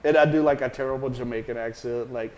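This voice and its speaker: A man with a Southern American accent, a private chef chatting in an interview, animated and rambling, joking and swearing casually. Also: mid-range voice, quick pace, low-quality recording.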